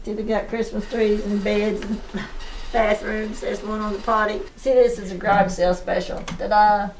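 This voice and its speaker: A woman's voice: medium pitch, level tone, moderate pace, darkish tone, slight background noise, poor audio. Folksy woman in her nineties. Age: 90s. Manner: chatty, folksy, laughs through her stories. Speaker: frog museum owner. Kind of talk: casual storytelling tour. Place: indoor shop museum full of collectibles.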